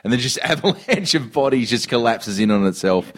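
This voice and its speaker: A man's voice: mid-range voice, expressive, a little fast. Enthusiastic man rambling through a scene. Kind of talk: casual movie discussion.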